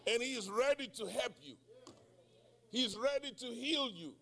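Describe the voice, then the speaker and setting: A man's voice: extremely high pitch, animated, measured pace, vocal fry, a bit bright. A man in his sixties preaching a sermon, asking the congregation questions and crying out in prayer. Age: 60s. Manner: call-and-response questions, cries out in prayer.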